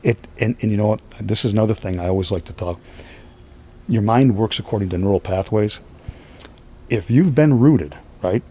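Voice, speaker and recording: A middle-aged man telling stories in a casual podcast chat, animated and checking in with "right?" as he goes. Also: lowish voice, moderate pace, slightly rough. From Northeastern US. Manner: animated, repeats "right?" often, acts out quoted voices. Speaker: podcast guest, strength athlete. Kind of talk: casual storytelling conversation.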